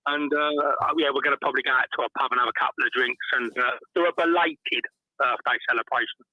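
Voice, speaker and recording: A man's voice: mid-range voice, steady tone, fast talker, no room sound. A man calling in to a live stream, chatting in a friendly way and often saying God bless. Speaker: caller. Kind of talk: casual phone call. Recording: dull, dry phone line.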